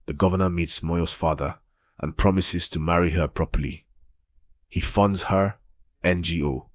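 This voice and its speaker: A man's voice: low-pitched, steady tone, normal speed, no echo. A man narrating a movie recap in a dramatic, gossipy way, talking straight to his listeners.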